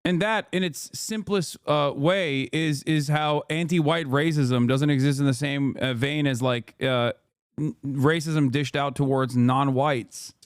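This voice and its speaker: A man streaming live, reacting to a video with blunt, profane, casual commentary and emphatic jumps in pitch. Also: fairly even intonation, a little slow, clean tone, no echo, studio quality.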